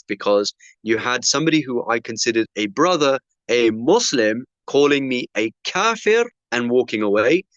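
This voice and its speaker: Animated man preaching a story. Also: mid-range voice, no room sound, highs cut off. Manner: animated storyteller acting out dialogue. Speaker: Muslim preacher. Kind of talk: storytelling sermon.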